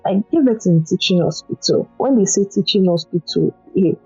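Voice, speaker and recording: Young Nigerian woman, vlogger, expressive and emotional storyteller, mellow tone, dull lo-fi audio with soft music behind. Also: mid-range voice, moderate pace, slightly rough. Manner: animated and emotional, with sudden exclamations. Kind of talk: casual personal storytelling.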